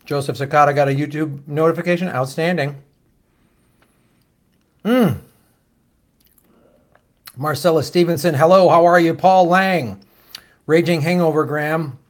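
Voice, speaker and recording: With a fairly high voice and a measured pace broken by frequent pauses, a US political show host reads viewer questions and comments on his live stream. His manner is loose, crude and jokey, with many fillers and trailing side remarks.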